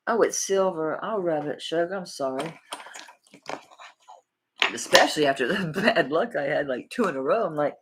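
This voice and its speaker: Animated and deep-voiced, this middle-aged Southern jewelry seller chats folksily with live-stream viewers by name. Her pace is moderate with long pauses, the sound is a bit bright, and there's a little hiss or hum.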